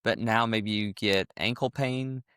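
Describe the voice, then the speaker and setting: A man with a low, resonant voice chats casually as a gymnastics coach on a podcast. He walks through each point step by step in an easygoing, conversational way. The sound is close and dry, with no room around it. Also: fairly even intonation, a little slow, a bit bright, smooth, no echo. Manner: explains things step by step in a conversational way.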